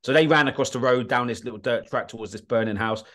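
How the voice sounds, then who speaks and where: British man, podcast guest, blunt and animated storyteller with a mid-pitched voice. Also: fast talker. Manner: animated, blunt, swears, often asks "do you know what I mean". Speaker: guest, war documentary filmmaker. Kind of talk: casual interview storytelling.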